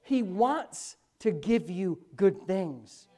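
Lively, emphatic male preacher. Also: sits high. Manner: emphatic, swings between quick asides and loud drawn-out stresses. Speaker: pastor. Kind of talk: sermon.

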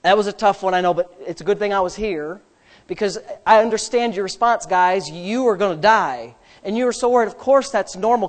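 A man pastor with a fairly high voice delivers a sermon. He preaches with animation, dropping to a hush and rising loud again, and slips in humorous asides from his own life. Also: brisk. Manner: animated preaching with sudden swings between loud and hushed.

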